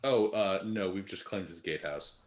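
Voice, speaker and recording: A man playing a tabletop game, stating his character's actions in a relaxed, matter-of-fact way. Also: low voice, moderate pace. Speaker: player. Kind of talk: casual tabletop game play.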